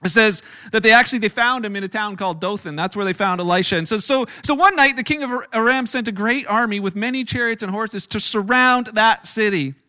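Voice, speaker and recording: High, bright-voiced casual preacher. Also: male voice, fairly quick, few pauses, clean tone, dry recording, studio quality. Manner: casual, animated storytelling with many restarts. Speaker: pastor. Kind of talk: sermon. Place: church hall with a live congregation.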